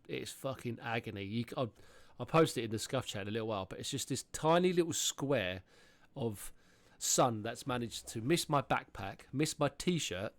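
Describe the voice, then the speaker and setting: An English man in his thirties who talks casually on a podcast, swearing often and breaking into animated exclamations. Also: medium pitch, no echo. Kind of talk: casual chat.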